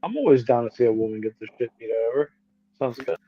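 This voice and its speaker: A man's voice: medium pitch, expressive, quick pace, slightly rough, muffled recording. A man co-hosting a casual movie podcast, cracking crude jokes and telling funny family stories. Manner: joking storyteller, crude banter. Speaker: podcast co-host. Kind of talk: casual movie-review chat.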